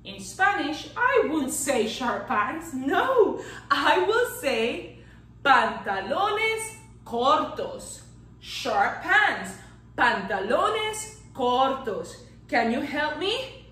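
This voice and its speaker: A woman teaching a children's Spanish lesson in a playful, animated way. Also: sits high, slow, echoey room, distant mic, rough recording. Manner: animated and playful, claps out syllables, counts down magic tricks.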